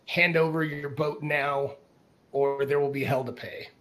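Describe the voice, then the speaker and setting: A man voicing gruff male bandits in a tabletop game, making slow, threatening demands. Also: fairly high pitch, level tone, a bit bright.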